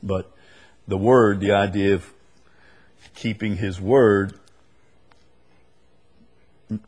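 A man gives a verse-by-verse Bible lesson to a group in a low, slightly husky voice. He is earnest and circles back to repeat key phrases, and he slows down to read each scripture passage. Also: fairly even intonation, a little mellow. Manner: speaks to a live group. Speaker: Bible teacher.

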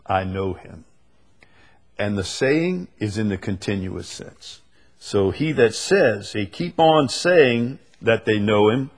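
A man teaching through Bible verses to a small group, earnest and repeating key phrases, reading scripture slowly. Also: lowish voice, slightly rough. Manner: speaks to a live group.

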